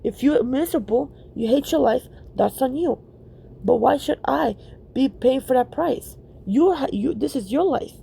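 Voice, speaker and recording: A woman's voice: high-pitched, expressive, moderate pace, creaky, mellow, slightly rough. A woman hosting a reaction video, ranting bluntly and profanely and repeating herself for emphasis.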